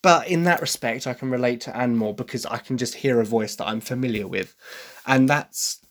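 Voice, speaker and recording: A podcast host from Essex speaks at an ordinary mid pitch, with a light Essex accent. He talks through his opinions in a solo monologue, stopping to question his own bias as he goes. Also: normal speed. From Essex, England. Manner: thinks aloud, weighing his own bias.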